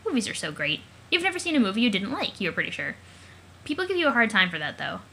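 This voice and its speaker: A young woman reading a webcomic aloud, excitable and giggly, swearing casually between lines. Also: a little high, fast talker, vocal fry, slight background noise. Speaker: let's play narrator.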